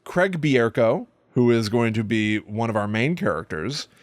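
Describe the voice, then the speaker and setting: A man's voice: mid-range voice, expressive, a little slow. A man co-hosts a podcast in casual, wry banter and walks through a film plot with dry humor. His voice sits in an ordinary middle register. The sound is close and dry, with no room echo. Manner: wry, chatty, recounting plot with dry jokes. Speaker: podcast co-host. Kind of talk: casual movie-review chat.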